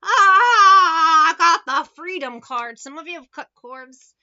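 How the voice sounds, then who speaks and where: A woman's voice: sits high, normal speed, sharp tone, lo-fi sound. A woman giving a casual tarot reading, sassy and profane, who drifts off on tangents. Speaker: tarot reader.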